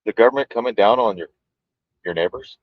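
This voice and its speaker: A man's voice: fairly low pitch, a little fast, dry recording, lo-fi sound. A man co-hosting a podcast, reacting to a clip with sarcastic, mocking remarks and swearing. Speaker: podcast co-host. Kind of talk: casual reaction chat.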